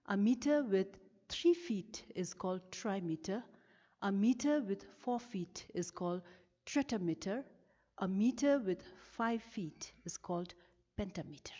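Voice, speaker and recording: Woman teacher explaining poetry slowly. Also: medium pitch, warm tone. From Bhutan. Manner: slow, careful explaining with stressed key words. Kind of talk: recorded classroom lesson. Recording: lo-fi with long reverb.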